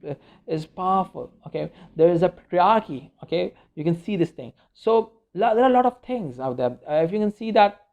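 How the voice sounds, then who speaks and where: A man's voice: high voice, animated, fairly quick, gravelly, a little mellow. A man teaching a media studies lecture in a loose, rambling way, full of fillers and restarts. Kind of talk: informal recorded lecture. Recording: dull lo-fi recording.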